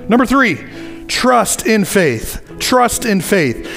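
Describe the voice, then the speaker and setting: A man preaching a sermon in a conversational, animated way, acting out little asides as he goes. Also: high voice, unhurried, gravelly, faint music behind.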